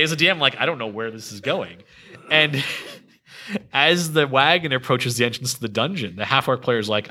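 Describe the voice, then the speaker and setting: Male game master, bright timbre, excitable storyteller. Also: medium pitch, quick pace. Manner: animated, laughs often, many restarts. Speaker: game master telling table stories. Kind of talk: casual storytelling chat.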